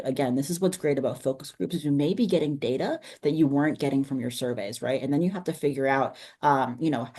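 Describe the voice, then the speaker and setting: A trainer giving an online workshop in a conversational way, often checking in with quick tag questions. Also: medium pitch, darkish tone.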